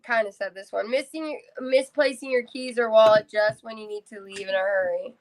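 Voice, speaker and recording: A woman with a child, joining a podcast chat and chiming in with her own quick stories. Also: mid-range voice, fairly even intonation, poor audio. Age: adult parent. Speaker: podcast co-host. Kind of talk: casual chat.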